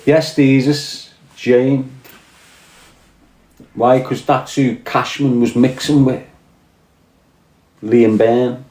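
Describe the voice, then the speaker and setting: Speaking extremely slowly with long pauses, this Scouse man has a medium, darkish voice that barely changes pitch. He hosts a casual live-stream podcast, rambling and reading viewer comments, in an echoey room.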